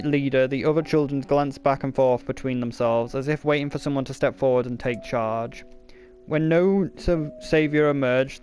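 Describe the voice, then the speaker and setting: A man with a medium-pitched, darkish voice reads a novel aloud casually, often stumbling and restarting words and now and then throwing in a joking aside.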